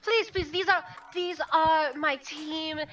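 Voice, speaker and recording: A woman's voice: high voice, slow, a bit bright. A woman voicing an emotional, tender young man adventurer who gushes through tears, from a distant mic. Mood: tearful joy. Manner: tearful, gushing.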